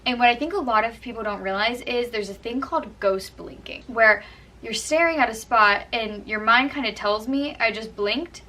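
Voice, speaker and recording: Bright-voiced young woman giving tips. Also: on the high side, moderate pace, distant mic, rough recording. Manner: chatty, earnest, frequent "like" and "kind of". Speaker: vlogger giving acting tips. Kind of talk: casual how-to talk to camera.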